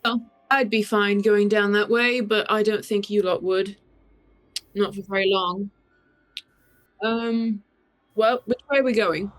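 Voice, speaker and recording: A woman's voice: mid-range voice, steady tone, measured pace, long pauses, fairly bright tone. A woman playing a tabletop game, asking the game master questions and making wry remarks. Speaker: player.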